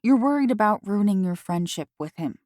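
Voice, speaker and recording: A woman's voice: medium pitch, lively intonation, fairly quick, darkish tone, no echo, close to an everyday voice. Woman reading caring mom, coaxing and probing, a bit lifted, dry close sound. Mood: gentle. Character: worried mother, gentle, probing.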